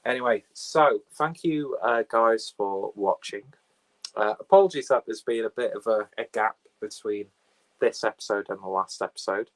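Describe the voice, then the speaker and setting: Rambling podcast host, low voice. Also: male voice, normal speed, rough recording. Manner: rambling and offhand, with crude jokes. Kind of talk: casual film podcast chat. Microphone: phone camera.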